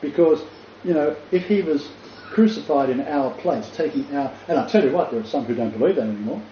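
A man's voice: fairly high pitch, lively intonation, fairly quick. An older man in ministry gives an emphatic, casual teaching talk, repeating key phrases and stumbling over fillers. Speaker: Christian ministry leader. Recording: roomy lo-fi recording with faint noise.

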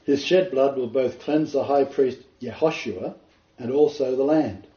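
Warm-toned and medium-pitched, a man speaks a bit slowly while leading an informal Bible study and explaining scripture in earnest detail. The recording has a distant, roomy, dull lo-fi character.

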